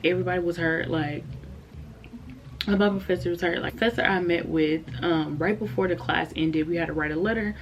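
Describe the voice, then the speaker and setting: A woman's voice: lowish voice, steady tone, a little fast, slight background noise. A young adult woman telling a candid, heartfelt story in a casual vlog, chatty and full of fillers. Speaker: vlogger.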